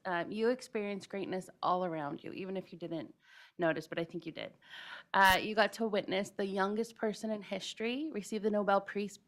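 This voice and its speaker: A school board member reading prepared, deliberate remarks at a meeting. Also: female voice, mid-range voice, vocal fry, fairly bright tone.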